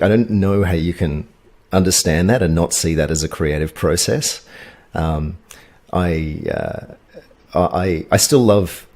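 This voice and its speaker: A man's voice: sits low, a little mellow. A man talks as a podcast guest. He rambles through stories, full of fillers and restarts. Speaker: guest, video agency owner. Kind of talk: casual podcast interview.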